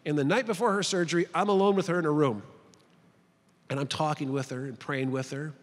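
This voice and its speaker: A man giving a storytelling talk at a retreat for clergy, animated and acting out the voices of the people in his story. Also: a little high, fairly quick, in a large hall. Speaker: retreat speaker. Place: large conference hall.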